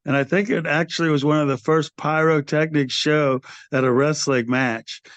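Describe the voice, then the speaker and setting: A man in his sixties, a guest on an interview podcast, telling stories in a casual, animated way and acting out the people he quotes. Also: a little high, moderate pace, no echo. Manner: animated storyteller who acts out quoted people, calls the host brother. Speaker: interview guest, metal singer. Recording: dry, slightly dull podcast audio.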